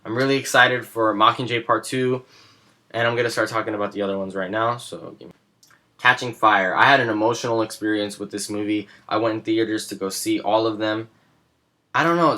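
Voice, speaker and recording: Bright-voiced young man gushing casually. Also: fairly low pitch, brisk. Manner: enthusiastic and rambling, gushing about favorites. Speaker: movie vlogger. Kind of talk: casual chat.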